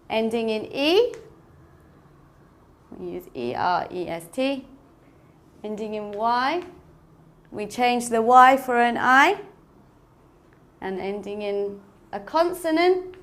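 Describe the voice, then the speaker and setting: A woman teaching English grammar, explaining patiently, repeating words and spelling out endings letter by letter. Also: fairly high pitch. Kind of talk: slow classroom explanation.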